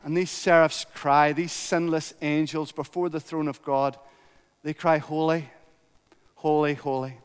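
A man's voice: fairly high pitch, clean tone, big-room sound. A man preaching a sermon in a church, emphatic and building his points through repetition.

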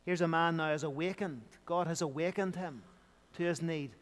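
A man's voice: on the high side, normal speed, in a large hall. A man preaching an evening sermon in an earnest, repetitive style, building emphasis as he goes.

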